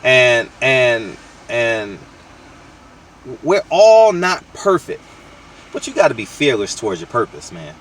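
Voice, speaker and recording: A man's voice: a little high, sing-song, slow, distant mic, slight background noise. A man hosting his channel, delivering a blunt, slangy, profane opinion rant with lots of emphatic restarts, recorded outdoors. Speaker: channel host.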